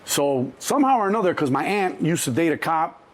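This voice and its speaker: Husky-voiced man in his sixties, animated storyteller. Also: fairly high pitch, a little fast. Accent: Chicago. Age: 60s. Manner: animated storyteller, acts out quoted voices, many restarts. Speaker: interview guest. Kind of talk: casual storytelling interview.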